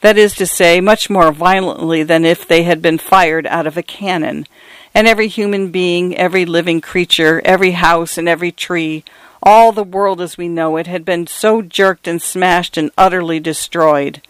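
A man reading a story aloud in a measured, dramatic way. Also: high voice, steady tone, fairly bright tone, clean tone, no room sound, low-quality recording. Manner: dramatic, measured, lingering on phrases. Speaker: narrator. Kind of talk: storybook narration.

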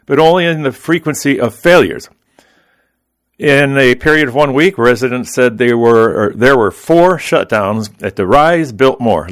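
Man reading the newspaper aloud on radio. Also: mid-range voice. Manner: steady, plain read-aloud delivery. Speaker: radio reading service volunteer reader. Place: Arizona.

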